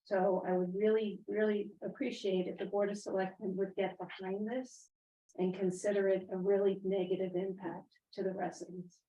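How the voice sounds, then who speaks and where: Woman resident, earnest, flat mellow voice, echoey meeting room. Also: mid-range voice, moderate pace. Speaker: resident speaking at public comment. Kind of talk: public comment at town meeting. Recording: echoey room, distant muffled mic.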